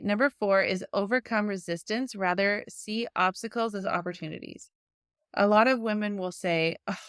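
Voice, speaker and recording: A woman's voice: mid-range voice, a bit bright, smooth, no room sound, studio quality. A woman podcast host coaching her listeners in a casual, chatty monologue, full of fillers and restarts.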